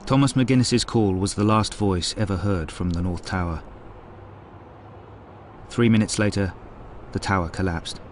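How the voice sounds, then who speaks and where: A man reading scripted documentary narration in a measured, solemn way. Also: deep voice, slight background noise. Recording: narration over a music score.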